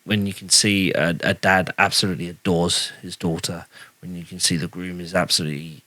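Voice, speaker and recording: A man's voice: low-pitched, little pitch movement, fairly quick, pushed and bright, dry recording. A man hosting a podcast, chatting casually in a joking, self-deprecating way. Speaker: podcast host.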